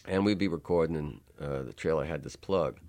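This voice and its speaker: A man, a musician, telling a rambling studio anecdote in a relaxed, laid-back way, with many "uh"s and "man"s. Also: a bass voice, a little fast.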